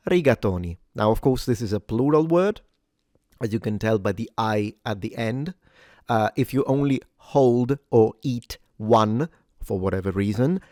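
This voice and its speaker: Low-voiced man teaching pronunciation. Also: a little mellow, no echo, clean studio sound. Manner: repeats words slowly and carefully, then explains. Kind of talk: scripted pronunciation lesson.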